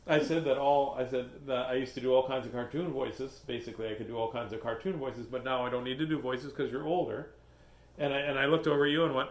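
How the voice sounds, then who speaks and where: A man's voice: mid-range voice, steady tone, fast talker. A middle-aged man reading a children's story aloud and chatting casually with viewers, playful and silly. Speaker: host reading children's books.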